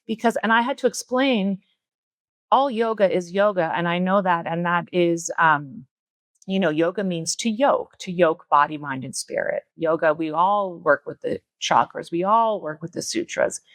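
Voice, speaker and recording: A middle-aged woman, a spiritual and yoga teacher, speaking earnestly on a podcast from a retreat center and slowing down to stress key words. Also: lowish voice, no echo, clean studio sound. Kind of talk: reflective spiritual talk on a podcast.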